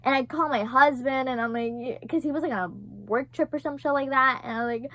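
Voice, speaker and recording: A young woman telling a story in a casual vlog, animated and profane, with many fillers. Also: sits high, quick pace, hardly any pauses, no room sound. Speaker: vlogger.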